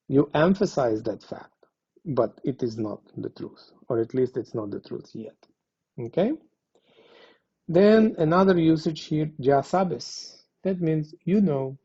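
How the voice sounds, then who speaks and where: Slow, mellow-voiced male language teacher. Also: fairly high pitch, breathy edge, muffled recording. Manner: slow, patient explaining with fillers. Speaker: Spanish teacher. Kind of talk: language lesson.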